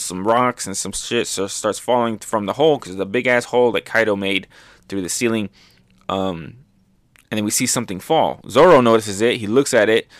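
A man's voice: on the low side, fairly bright tone, clear, resonant tone, no echo, clean studio sound. A man hosting a manga review, chatting loosely with lots of fillers and swearing as he recaps chapters. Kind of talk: casual recap commentary.

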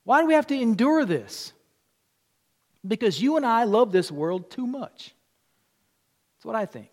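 A man with a Southern US accent preaching a sermon as pastor, swinging from loud declarations to hushed asides. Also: very high voice, sing-song, unhurried.

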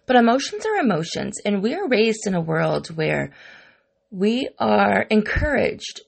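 A woman's voice: medium pitch, very animated, unhurried, vocal fry, slightly rough. A middle-aged woman hosting a wellness podcast, talking candidly and reflectively to her listeners. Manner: warm, candid, confiding, with repetitions. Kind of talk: casual reflective podcast monologue.

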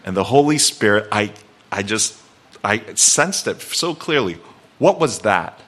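A man's voice: lowish voice, expressive, unhurried, bright, forceful tone. A man in his forties, a guest pastor, preaching in a church in a conversational, reflective way with light self-deprecating humor. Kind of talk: sermon with personal story. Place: church sanctuary.

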